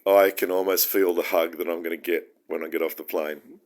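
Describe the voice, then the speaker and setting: A man's voice: sits low, level tone, a little fast. An Australian man hosting his own show, talking through his feelings in an earnest, heartfelt and rambling solo monologue. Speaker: podcast host.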